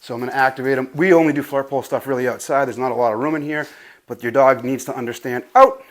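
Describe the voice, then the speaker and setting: Talking fast at a medium pitch with fairly even intonation, a dog trainer gives casual directions in his home garage. He's breathless from play, loose and a bit profane, and keeps tossing in "right?"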